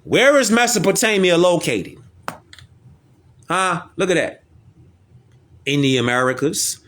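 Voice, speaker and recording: A man's voice: high voice, lively intonation, a little slow, fairly bright tone. A man giving a casual, slangy streetwise monologue, repeating himself and firing off rhetorical questions. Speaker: online commentator.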